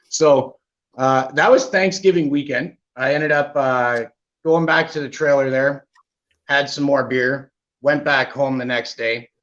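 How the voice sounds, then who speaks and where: A man from Canada, a podcast guest, candidly telling his own story in an animated way, often asking "right?" as he goes. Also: medium pitch, slow pace. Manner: animated, with frequent "right?" asides. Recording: muffled lo-fi audio.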